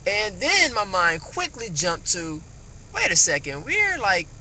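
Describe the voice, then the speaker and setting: A man ranting casually on a phone livestream, rambling with many fillers and animated rises. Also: high-pitched, a little slow, poor audio. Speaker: vlogger. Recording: phone mic with faint car noise.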